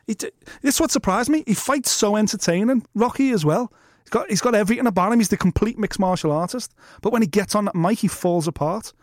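Man, high voice, animated rant, dry close sound. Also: fast, dry recording. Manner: animated, ranting, does impressions. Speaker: podcast co-host. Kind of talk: casual sports chat.

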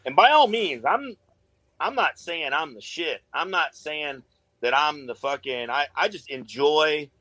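A middle-aged tattoo artist guests on a podcast, swearing constantly and rambling through his stories in a laid-back, casual way. His voice is fairly high and fairly bright, and the recording is rough but has no echo.

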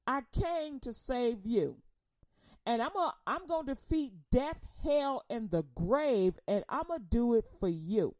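A woman speaking as an earnest, measured Jesus. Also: very high voice, big pitch swings, a little mellow, dry recording, studio quality, exaggerated voice. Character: calm, promising Jesus speaking to followers.

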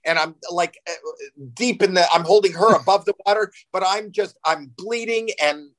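Man in his sixties, excitable storyteller, slightly high voice, dry close mic. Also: moderate pace, no echo, rough recording. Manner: excitable, acts out panic and shouting in anecdotes. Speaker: podcast guest. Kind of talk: animated storytelling.

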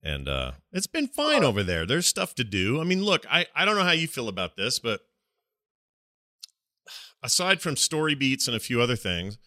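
A man's voice: mid-range voice, huge pitch swings, moderate pace, pushed and bright, dry recording, studio quality. A man in his thirties co-hosting a podcast, rambling and self-deprecating in casual chat. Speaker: podcast co-host.

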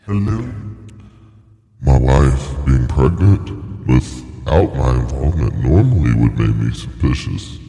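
Gravelly deep devil. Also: male voice, lively intonation, dark tone, in a large hall, heavily acted. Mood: menacing. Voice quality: gravelly, slow and menacing. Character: deep growling male devil. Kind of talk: comedy podcast bit.

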